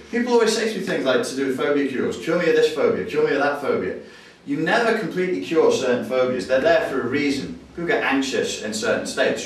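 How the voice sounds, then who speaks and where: Animated man in echoey hall. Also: medium pitch. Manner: animated, jokey, acts out voices and screams. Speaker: NLP trainer. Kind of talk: lively teaching with acted-out stories. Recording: very echoey room, distant mic.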